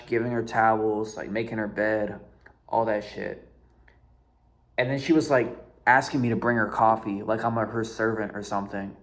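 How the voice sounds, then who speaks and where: A young man casually telling a story to his viewers, exasperated and slangy, peppering his talk with filler words and swearing freely. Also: mid-range voice. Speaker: storyteller vlogger.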